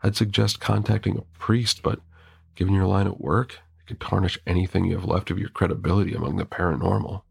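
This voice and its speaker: A man voicing a calm young woman ghost who reasons in a matter-of-fact way in an audio story. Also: low voice, fairly quick, vocal fry, breathy edge, no room sound, studio quality, heavily acted. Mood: thoughtful.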